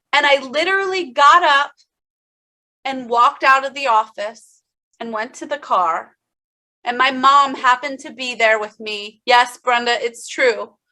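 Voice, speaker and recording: A woman speaking to an audience as a keynote speaker, with a high voice. Her tone is bright and forceful, and she tells her story with passion, turning often to talk to the listeners directly. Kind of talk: motivational speech.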